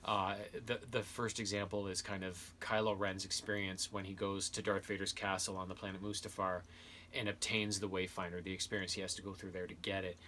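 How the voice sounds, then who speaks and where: A man with a fairly low but bright, forceful voice talks through a book review in a loose, rambling way. He piles on fillers and restarts his sentences often. A faint background noise sits under his voice. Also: level tone, brisk. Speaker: video host reviewing books and games. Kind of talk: casual spoken review.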